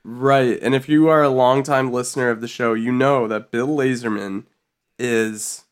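A man co-hosting a podcast in a casual chat, animated and jokey. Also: medium pitch, moderate pace, smooth. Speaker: podcast co-host.

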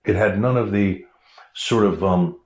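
American man, middle-aged, animated storyteller, lowish voice, roomy echo. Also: measured pace, a little hiss or hum. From United States. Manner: animated storyteller, laughs while talking. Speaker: actor and interview guest. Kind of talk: casual storytelling interview.

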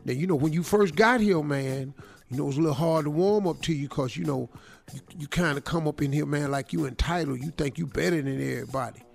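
A man's voice: fairly high pitch, fast talker, gravelly, soft background music. A man doing a blunt, slangy 43-year-old manager. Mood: confronting. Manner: blunt, slangy, streetwise tough talk. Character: brash 43-year-old male manager confronting his older boss.

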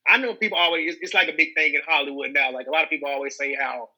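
A man's voice: a little high, steady tone, very fast, bright, forceful tone, low-quality recording. A young man from the American South with a Southern accent, an actor chatting casually in an interview, rambling with many restarts and fillers. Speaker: actor guest.

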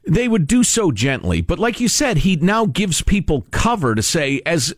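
A man's voice: on the high side, big pitch swings, normal speed, dry recording, studio quality. A man co-hosting a talk radio show, sarcastic and emphatic, often feigning outrage. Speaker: radio co-host.

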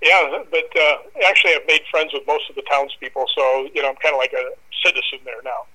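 Man, podcast guest, casual storytelling, very bright tone, animated retellings with quoted voices. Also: medium pitch, a little fast, poor audio.

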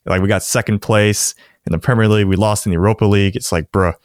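A man with a deep, smooth voice talks football on a podcast, loose and chatty, often laughing. The sound is close and dry, with no room around it. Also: quick pace, no echo. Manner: relaxed, chatty, laughs often, says "like" a lot. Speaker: podcast co-host. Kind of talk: casual sports chat.

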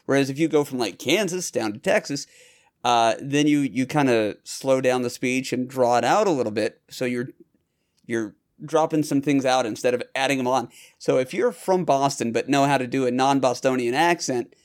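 Male podcast host, mid-pitched, casual and rambling, restarts often. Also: moderate pace. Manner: rambling, self-correcting, chatty. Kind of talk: casual chat.

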